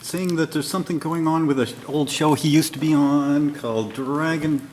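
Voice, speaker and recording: A man's voice: fairly high pitch, moderate pace, a little mellow, a little hiss or hum. A man asking a question at a press roundtable, fumbling and hesitant as he works toward it. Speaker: interviewer.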